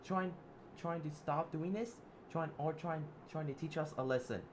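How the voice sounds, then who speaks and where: A man's voice: on the high side, moderate pace, darkish tone, slight background noise, voice pushed up, close to an everyday voice. A man voicing a cocky young troublemaker who taunts and mocks. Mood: taunting. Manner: taunting, mocking.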